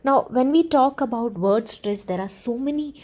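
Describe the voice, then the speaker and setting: A woman's voice: on the high side, mellow. A woman teaching a lesson on speech sounds, explaining carefully with frequent "uh" and "okay" checks. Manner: measured, explanatory, filler "uh" and "okay". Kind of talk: explaining phonetics.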